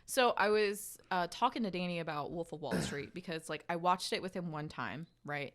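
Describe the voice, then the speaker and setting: A woman's voice: lowish voice, normal speed. A young adult woman chatting casually and animatedly as a podcast guest.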